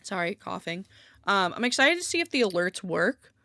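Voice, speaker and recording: Bright and forceful, her medium-pitched voice swings widely in pitch at a normal speed, recorded dry and studio-clean. She livestreams from a room at home by a window through a desk streaming mic, chatting with viewers in a rambling way, laughing often and swearing lightly.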